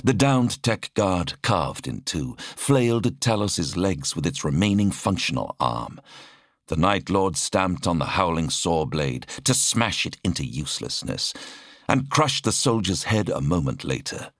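Male audiobook narrator, very deep voice, lively expressive delivery, dry close sound. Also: unhurried, dry recording. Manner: dramatic, expressive reading.

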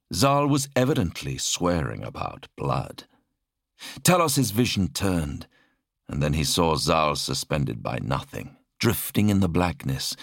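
A man narrating an audiobook in a dramatic, measured reading style. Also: deep voice, a bit bright, no room sound, studio quality. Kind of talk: scripted narration.

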